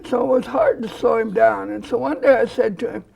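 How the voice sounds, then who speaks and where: An older woman with a deeply gravelly, husky voice tells a story in a studio interview. She performs every quoted line as she goes. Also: fairly quick. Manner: animated storyteller who acts out quoted dialogue. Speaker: foster grandparent volunteer.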